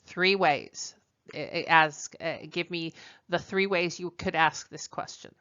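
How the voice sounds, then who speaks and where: A woman's voice: fairly low pitch, steady tone, takes it slowly, fairly bright tone. A woman teacher giving a language lesson, explaining step by step and translating each example. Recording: dull lo-fi recording.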